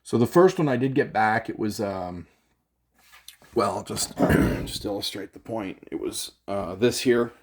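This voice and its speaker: A man's voice: on the low side, unhurried. A man venting in an unscripted vlog from his home studio, rambling with fillers and restarts. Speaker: gear vlogger.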